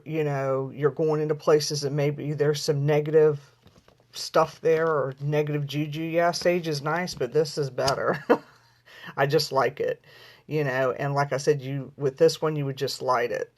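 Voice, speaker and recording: A woman hosting a casual live video at home, talking to viewers in a chatty, rambling way and calling them y'all. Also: deep voice. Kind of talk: casual live-stream chat. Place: at home, lighting incense.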